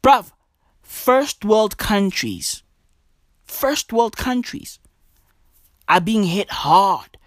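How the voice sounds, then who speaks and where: Guy doing a sweary standup rant, slow drawn out talk, dry mic. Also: dry recording. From South Africa. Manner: profane, animated, slow and drawn-out, jumps into high squeaky voices. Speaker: comedian.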